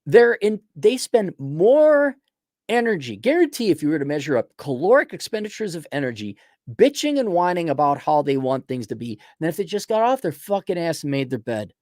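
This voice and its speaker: A man delivering a profane, combative rant as a show host. His voice sits a little higher than most men's. It sounds close and dry, with no room echo. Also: big pitch swings, a little fast, darkish tone. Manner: blunt, crude and combative. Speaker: podcast host.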